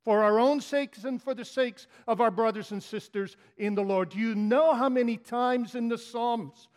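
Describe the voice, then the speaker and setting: A man preaching a sermon, moving between fervent declarations and hushed, heavy passages. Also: extremely high pitch. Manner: slow, dramatic delivery swinging from loud declarations to hushed near-whispers.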